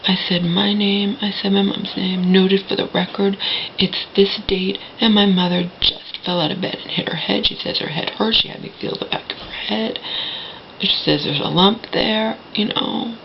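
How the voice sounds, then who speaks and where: A woman's voice: mid-range voice, steady tone, moderate pace, vocal fry, lo-fi sound, a little hiss or hum. A woman talking straight to her viewers from a home, rambling with many restarts and dropping into a whisper at times. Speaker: vlogger. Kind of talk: personal vlog monologue. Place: indoors at a home.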